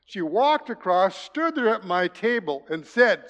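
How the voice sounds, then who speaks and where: Older male pastor, high-pitched, storytelling sermon, reverberant hall. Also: sing-song, unhurried, hardly any pauses, dull audio. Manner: folksy storytelling with jokes, drops to a soft hush. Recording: long reverb of a large hall.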